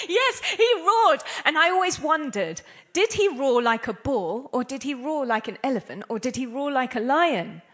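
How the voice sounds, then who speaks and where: Woman leading a scripture class, playful, keeps quizzing the room, voice a bit high. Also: big pitch swings, normal speed, few pauses, a bit bright. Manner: playful, laughing, quizzes the audience. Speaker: class speaker.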